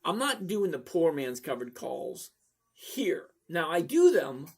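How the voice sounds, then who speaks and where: A man's voice: a little high, very animated, slow, gravelly, breathy edge. A man in his sixties hosting a trading livestream, talking bluntly and rambling as he reads out viewers' comments. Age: 60s. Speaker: trading channel host. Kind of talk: casual livestream talk.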